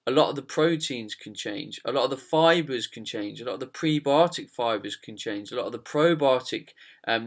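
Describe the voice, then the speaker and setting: A man hosting a podcast, his voice bright and forward. He talks casually and explains diet questions at length, circling back over his phrases. It has an easy, chatty flow. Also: medium pitch. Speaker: podcast host. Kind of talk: casual chat and nutrition explanation.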